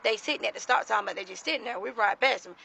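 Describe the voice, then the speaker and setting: A woman telling a story to her phone camera in a casual, animated, profane way. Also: fairly high pitch, quick pace, gravelly, breathy edge, poor audio. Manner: animated, profane, dramatic retelling.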